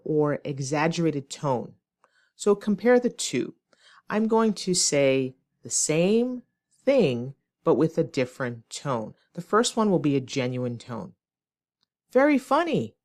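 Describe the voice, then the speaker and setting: A woman English teacher, giving a clear, demonstrative lesson and acting out short example lines. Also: low voice. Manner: slow, clear, demonstrative delivery with acted examples. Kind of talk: scripted ESL lesson.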